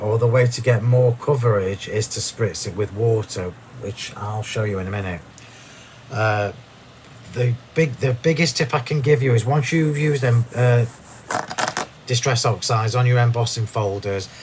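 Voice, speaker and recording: A man's voice: medium pitch, normal speed, a little hiss or hum. Chatty man demonstrating crafts. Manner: chatty, self-laughing, restarts sentences. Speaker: craft demo host. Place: home craft room.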